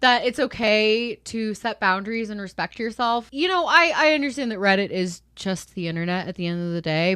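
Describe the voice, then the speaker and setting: Bright, chatty young woman host. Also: a little high, clear, resonant tone, dry recording, clean studio sound. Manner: emphatic, chatty, speaks straight to the viewer. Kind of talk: casual chat reading and reacting to online stories.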